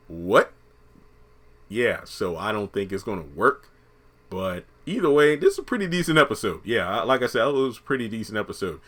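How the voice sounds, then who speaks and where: A man with a slightly low voice reviews a TV episode in a loose, chatty way. He jokes as he goes and lets the odd curse word slip. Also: a bit bright. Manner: chatty and joking, with casual profanity. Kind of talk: casual spoken episode review.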